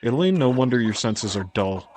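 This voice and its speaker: A man's voice: medium pitch, lively intonation, brisk, darkish tone, a little hiss or hum, lightly acted. A man reading the lines of a friendly young male farmer's son in a video game, plainly.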